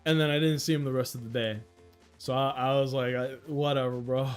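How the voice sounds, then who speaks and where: This young US livestream host speaks fairly quickly in a clean, medium-pitched voice while soft music plays in the background. His accent is Dominican-influenced American English, and he chats loosely with viewers, rambling through stories and laughing often.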